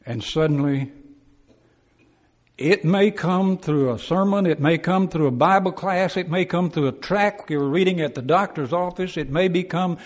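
A man teaches a Bible class in a plain, folksy way, acting out the quotes he tells. His voice sits somewhat high for a man. The sound trails off in the long reverb of a church hall. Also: normal speed. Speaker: preacher.

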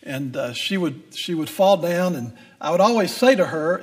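Older male preacher, high-pitched, echoing hall. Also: lively intonation, moderate pace, hardly any pauses, breathy edge. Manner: folksy and conversational, with fillers and restarts. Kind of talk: sermon.

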